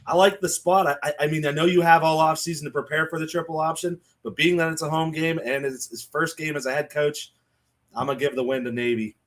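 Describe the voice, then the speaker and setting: On a casual sports podcast, a man co-hosts and runs through college football picks, chatty, joking and quick to laugh. He talks fast in a slightly high, fairly bright voice that stays steady in tone.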